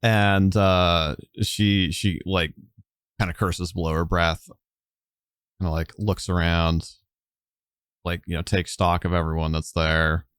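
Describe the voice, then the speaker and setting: Male game master, low smooth voice, loose rambling narration. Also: level tone, slow, long pauses, fairly bright tone, dry recording, studio quality. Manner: rambling, many fillers.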